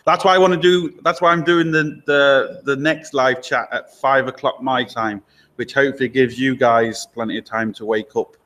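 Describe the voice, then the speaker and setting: A man's voice: medium pitch, steady tone, a bit bright. Man, live-stream chat, loose and chatty, garage workshop, camera mic. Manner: loose and chatty, with fillers and quick asides. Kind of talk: casual live-stream chat, reading out viewer comments. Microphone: laptop or camera mic held by a helper.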